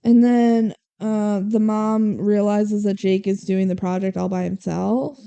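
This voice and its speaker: A young adult woman co-hosting a podcast, retelling a movie plot in animated casual chat with swearing and acted-out quotes. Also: medium pitch, unhurried, vocal fry, smooth. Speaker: podcast co-host.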